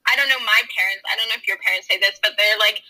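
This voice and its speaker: A teenage girl in casual chat, talking in an animated way with lots of "like" fillers. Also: medium pitch, very fast, low-quality recording. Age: teens. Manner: animated, rising emphasis, filler "like".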